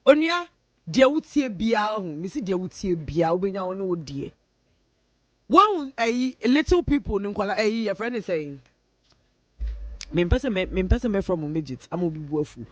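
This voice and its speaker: Ghanaian lady on the radio, lively and playful, does her friends' voices, dry studio sound. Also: mid-range voice, normal speed, no room sound. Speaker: radio host. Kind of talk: casual radio talk mixing English and Twi.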